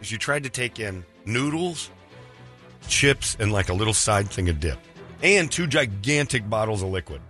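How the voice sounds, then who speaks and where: Animated man telling a story, bright voice. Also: normal speed, soft background music. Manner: animated, acts out other people's lines in pitched voices. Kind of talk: casual storytelling chat.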